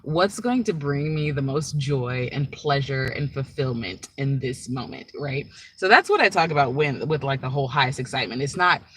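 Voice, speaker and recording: A woman's voice: very deep voice, expressive, normal speed, hardly any pauses, slight background noise, poor audio. A woman speaking as a spiritual teacher in a casual, rambling monologue, often checking in with "right?" and "like".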